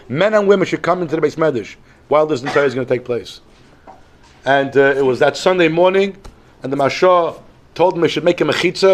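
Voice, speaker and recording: A man, a rabbi telling a story in a Torah lesson, animated, often repeating and restarting phrases. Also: fairly high pitch. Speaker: rabbi teaching daily Talmud.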